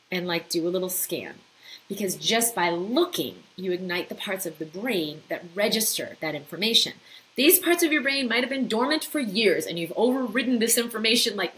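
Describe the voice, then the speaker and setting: A middle-aged woman, a doctor, gently leading a tapping exercise with soothing breath cues. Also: lowish voice, expressive, normal speed, rough recording. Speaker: doctor teaching mind-body techniques. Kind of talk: guided tapping instruction.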